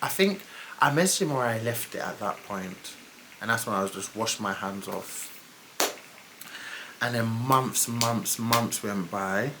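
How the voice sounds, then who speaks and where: A woman's voice: a bass voice, lively intonation, unhurried, background noise. A young woman telling a personal story to camera in a blunt, candid way, swearing freely with exasperated asides. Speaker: storytime vlogger. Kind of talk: casual storytelling.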